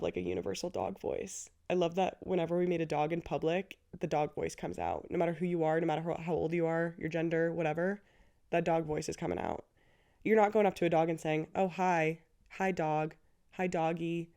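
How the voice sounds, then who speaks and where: A woman's voice: fairly even intonation, fairly quick, creaky, dark tone. A woman in her twenties hosting a casual solo podcast, gushing and chatty, full of "like"s. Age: 20s. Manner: chatty and gushing, with lots of filler "like"s; breaks into a squeaky high put-on voice for quotes. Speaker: podcast host.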